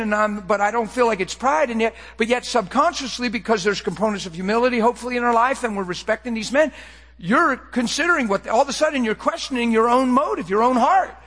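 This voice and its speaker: A middle-aged man preaching a personal testimony, swinging between hushed, quiet passages and excited, impassioned bursts. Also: high-pitched, long reverb tail. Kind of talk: sermon testimony.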